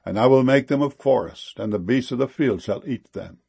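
A man giving a solemn scripture reading in a slow, measured way. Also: medium pitch, gravelly, mellow, slightly rough. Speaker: scripture reader.

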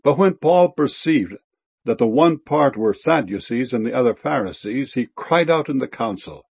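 A man reading King James scripture aloud in a solemn, measured way. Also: medium pitch, expressive, vocal fry, a little mellow, husky.

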